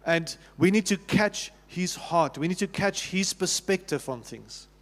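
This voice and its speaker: A man's voice: sits high, unhurried. A man with a South African accent preaching a sermon as pastor, talking with the congregation in an easy, conversational way, often restarting and asking them questions. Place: church sanctuary. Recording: long reverb of a church hall.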